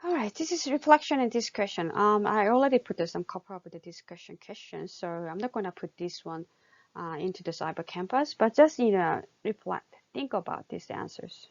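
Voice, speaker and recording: A woman with a Korean accent lectures at a steady, explanatory pace, asking her students questions and filling pauses as she thinks. Her voice carries a gravelly edge. The recording is dull and dry, like a simple lecture-capture setup. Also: medium pitch, no room sound. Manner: explanatory, with many fillers and rhetorical questions. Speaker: university lecturer.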